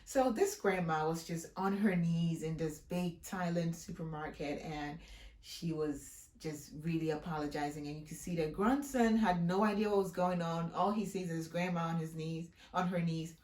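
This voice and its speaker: A woman's voice: lowish voice, moderate pace. A woman from Africa talking casually on her vlog, telling a story with emphatic delivery and then walking through a hair-care routine. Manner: emphatic, expressive storyteller who acts out quoted voices. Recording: roomy echo.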